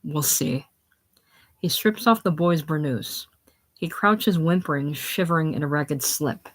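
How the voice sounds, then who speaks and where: A woman's voice: low voice, measured pace. A woman casually reading a play aloud, reading the stage directions plainly. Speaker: reader.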